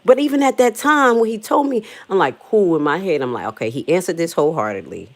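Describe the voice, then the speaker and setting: A young woman, hosting a livestream and ranting bluntly with profanity, her voice jumping high when she gets emphatic. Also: quick pace. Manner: animated, jumps to high excited pitch when emphatic; blunt, profane street talk. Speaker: livestream host. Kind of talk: casual livestream rant.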